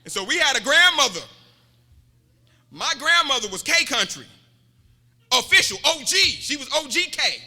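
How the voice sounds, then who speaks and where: Brief: male preacher, very high bright voice, playful call-and-response sermon, echoing church hall. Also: very animated, normal speed, pauses often. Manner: joking, repetitive, calls out to the congregation.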